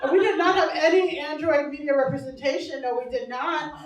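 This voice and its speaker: A young woman with a high voice doing brash, self-mocking stand-up as the host of a small club show. She swears freely and breaks into laughter often. The sound is echoey and picked up from a distance. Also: fairly even intonation, fairly quick. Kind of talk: stand-up comedy set. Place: small comedy bar stage.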